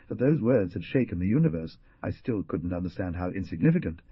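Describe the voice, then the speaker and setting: A man narrating an audiobook in a dramatic, expressive reading. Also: sits low, fast, few pauses, husky, no echo. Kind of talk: scripted narration. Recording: dull lo-fi dry recording.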